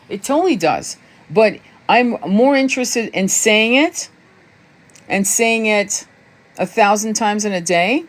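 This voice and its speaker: A woman hosting a spiritual live stream. She answers viewers' comments in a blunt, casual way, swears freely and often laughs. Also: mid-range voice. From United States.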